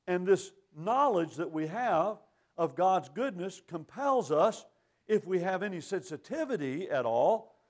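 Lively, high-pitched preacher man. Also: a little slow. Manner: folksy, emphatic, quotes scripture. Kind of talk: sermon.

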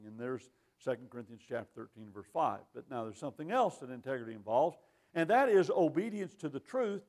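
A man's voice: mid-range voice, lively intonation, brisk, darkish tone. A man preaching a sermon in a folksy, emphatic way, quoting scripture.

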